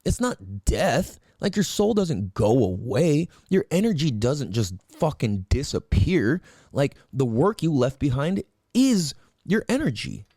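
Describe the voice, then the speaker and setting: A man's voice: mid-range voice, measured pace, hardly any pauses, husky, no room sound, studio quality. A man hosting a solo podcast, ranting in a profane, rambling way with lots of emphatic rhetorical questions. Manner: profane, animated, rambling rant. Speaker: podcast host.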